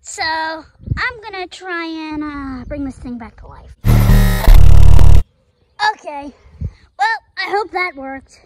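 A woman's voice: very high-pitched, expressive, takes it slowly, pauses often, over loud music, full character voice, low-quality recording. Woman voicing CatNap, a chatty, curious glitch cat toy. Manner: chatty, wondering aloud. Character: playful cat monster toy with glitch powers. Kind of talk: toy movie voice acting.

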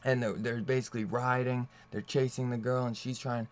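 A man's voice: medium pitch, flat delivery, fairly quick, few pauses. A man reviewing a comic book in a loose, rambling way, swearing freely and laughing often. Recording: dull lo-fi recording.

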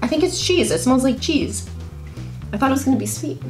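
A woman's voice: sits high, lively intonation, fairly quick. A woman guest co-hosting a casual taste test, playful and giggly as she tries each snack. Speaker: guest co-host. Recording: echoey room with faint music.

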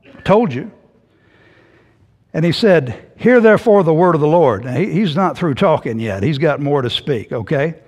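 A male pastor preaching a sermon, telling the story in an animated way and acting out the voices. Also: a little high, moderate pace, few pauses, dull audio. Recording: hall reverb.

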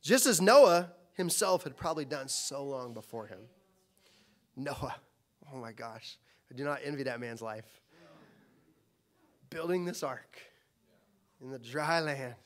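A man's voice: medium pitch, animated, unhurried, pauses often. A man preaching a sermon as pastor, impassioned and full of rhetorical questions.

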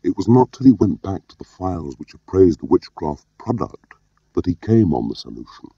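Deep gravelly man reading a spy novel, calm and measured, dull lo-fi sound. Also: no room sound. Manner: measured, understated storytelling. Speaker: audiobook narrator. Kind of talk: scripted narration. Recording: dull lo-fi audio.

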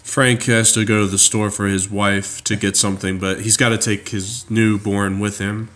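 A man chatting casually about a comedy character he co-created, halting with many fillers and restarts. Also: lowish voice, level tone, a bit bright. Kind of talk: casual chat.

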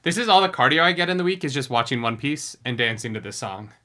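A young man talks through an anime reaction with a bright, forceful voice. He is energetic and chatty, and he breaks into loud singing along with the theme. His voice sits at an everyday middle pitch. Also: fast, faint music behind. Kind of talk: casual reaction commentary. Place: home recording room.

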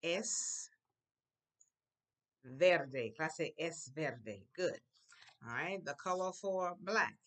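A woman teaching a Spanish class to young pupils, drilling numbers and colors with slow, exaggerated pronunciation and frequent prompts for the class to repeat. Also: low voice, animated. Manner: encouraging, prompting the class often. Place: school classroom.

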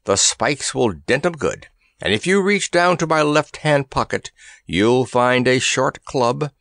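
A man voicing a grumpy, proud male elephant in a storybook reading, with a gruff, grumbling manner. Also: medium pitch, expressive, a little slow, fairly bright tone, no room sound, clean studio sound.

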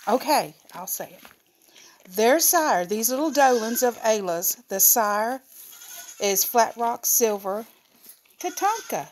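A woman's voice: fairly high pitch, big pitch swings, slow pace, a little hiss or hum. A woman who breeds goats, chatting casually and cooing affectionately to her animals. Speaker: goat breeder and vlogger.

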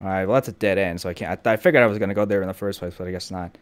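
A man's voice: deep voice, rapid-fire, clear, resonant tone. A man hosting a casual gameplay video, joking, swearing and talking to himself as he plays. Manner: jokey, swears a lot, talks to himself. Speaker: gameplay host.

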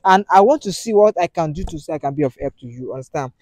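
Male skit host, high and lively voice, repeats himself to soothe and plead. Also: fast talker, dry recording. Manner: animated, repetitive pleading and soothing. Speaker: show host. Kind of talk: comedic skit acting as an advice host.

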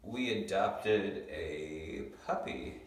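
Young guy teaching little kids from home, low-ish voice, slow and patient, far from the mic, roomy echo. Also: animated, creaky. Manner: patient, slow, stretches out words to sound them. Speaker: second grade teacher. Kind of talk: remote teaching lesson. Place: home room. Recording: echoey room, mic far off.

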